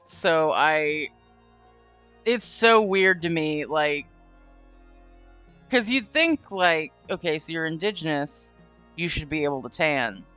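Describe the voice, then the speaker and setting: A man's voice: a little high, bright, forceful tone, clear, resonant tone. A man chatting casually on a stream, joking and self-deprecating, laughing along with his co-host. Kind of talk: casual chat.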